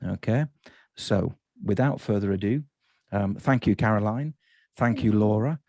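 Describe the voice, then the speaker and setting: A man's voice: fairly low pitch, measured pace, a little mellow, dry recording, dull audio. A man hosting an online festival session, asking rambling questions and correcting himself as he goes.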